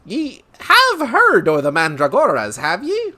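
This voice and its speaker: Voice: wildly swooping pitch, a little slow. A streamer voicing a boastful older male merchant in a video game, with a folksy old-timey way of talking. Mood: hearty, boastful. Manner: loud and hearty, swooping high.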